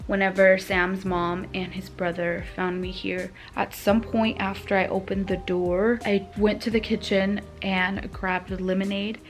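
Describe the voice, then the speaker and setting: A woman's voice: medium pitch, little pitch movement, a little slow, hardly any pauses, soft background music. A young woman vlogging from the floor of her home, retelling a frightening experience with many fillers. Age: young adult. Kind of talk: storytime vlog.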